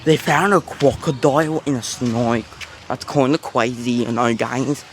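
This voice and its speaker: This casual walking vlog features a man with a mid-range voice speaking at a measured pace as he tours an outdoor zoo, talking to a handheld phone camera. He rambles with self-awareness and leans heavily on filler words. A little hiss or hum sits under the recording.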